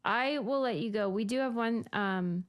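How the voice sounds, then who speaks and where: A woman hosting a podcast in casual chat, enthusiastic and teasing. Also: a little high. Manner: enthusiastic, teasing, quick laughs. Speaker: podcast host.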